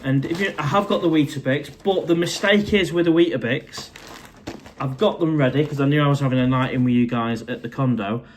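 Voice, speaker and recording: A man's voice: mid-range voice, brisk, slight background noise. A man, casually chatting on a live stream from his condo, reading out viewer comments and calling everyone mate. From England.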